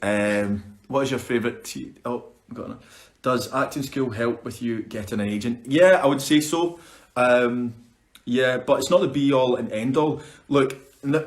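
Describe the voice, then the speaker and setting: Chatty Scottish man, roomy echo. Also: mid-range voice. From Scotland. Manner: chatty, upbeat, restarts words. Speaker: actor answering viewer questions. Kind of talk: casual live-stream Q&A.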